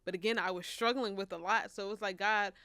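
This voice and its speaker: A woman's voice: mid-range voice, steady tone, fast, pushed and bright, clean tone, dry recording, studio quality. A woman of twenty-one, a college senior and author, speaking earnestly and reflectively in a casual interview. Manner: earnest, reflective, with frequent restarts and laughs. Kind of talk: casual faith-centered interview.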